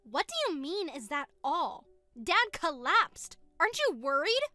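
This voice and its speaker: Lady doing a young sister, high bright voice, accusing and fed up, soft music behind. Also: very animated, measured pace, dry recording, heavily acted. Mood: indignant. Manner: accusing, indignant. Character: young woman, upset sister scolding brother.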